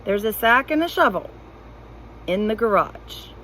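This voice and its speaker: Woman reading aloud as a confused meek dad, slow, repeats everything, faint hiss behind. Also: a little high, lively intonation, a bit bright, rough recording. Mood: bewildered. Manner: bewildered, repeats what he hears. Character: baffled, meek middle-aged father.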